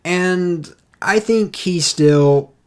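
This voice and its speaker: A man's voice: high voice, very slow, a little mellow, clean tone. A man giving a casual spoken film review, blunt and opinionated.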